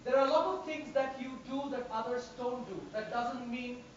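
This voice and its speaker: A woman's voice: high-pitched, moderate pace, slight background noise. A woman trainer lectures a class, leaning hard on single words and repeating herself for emphasis. She sounds far from the microphone in a very echoey room. The sound is dull and muffled. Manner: animated, emphatic, repeats phrases for stress. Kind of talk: classroom instruction. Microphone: distant room microphone.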